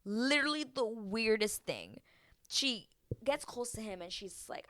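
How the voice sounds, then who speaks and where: A woman giving a casual TV recap, chatty and expressive, who swears freely and acts out what people said. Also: fairly high pitch, normal speed, no echo. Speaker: TV recap vlogger. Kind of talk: casual reality-show recap.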